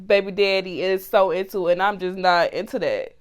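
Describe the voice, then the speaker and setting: A woman's voice: on the low side, moderate pace. A woman co-hosting a casual podcast chat, frank and chatty, laughing along with the others. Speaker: podcast co-host.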